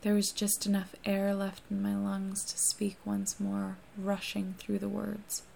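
A woman reading a first-person novel aloud in a hushed, steady narration that often drops to a whisper. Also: medium pitch, unhurried, vocal fry, a little hiss or hum. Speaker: audiobook reader.

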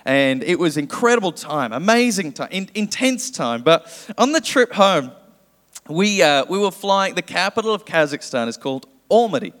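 A male pastor preaching a sermon, praying and then telling a lively comic story with acted dialogue. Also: sits high, normal speed. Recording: long hall reverb.

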